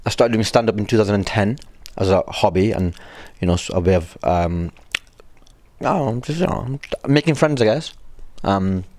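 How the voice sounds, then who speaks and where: A man's voice: fairly low pitch, normal speed, darkish tone, dry recording. A man from northern England, a comedian chatting casually as a guest, wry and self-deprecating. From Blackburn, northern England. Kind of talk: casual chat.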